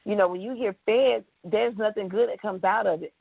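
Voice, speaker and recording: Gravelly woman on a tinny phone line. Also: medium pitch, brisk, dry recording. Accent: Texan. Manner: emotional, tells it with acted-out quotes. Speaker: guest. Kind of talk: recounting her story in an interview.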